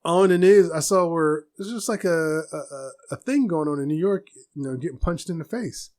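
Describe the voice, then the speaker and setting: Soft-spoken man, slightly high voice. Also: moderate pace. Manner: soft-spoken, rambling with restarts. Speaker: podcast host. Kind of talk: casual solo chat.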